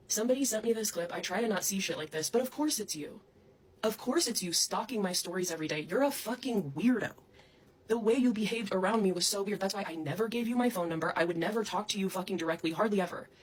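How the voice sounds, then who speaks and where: A woman's voice: mid-range voice, slightly rough. A young adult woman delivering an angry, profane, accusatory rant straight to camera. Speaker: online personality.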